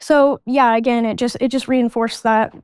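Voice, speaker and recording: A young adult woman, a podcast guest, recounting her life in a halting way, often restarting sentences and reenacting old conversations. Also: fairly high pitch, steady tone, a little mellow, smooth, no room sound. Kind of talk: candid personal storytelling.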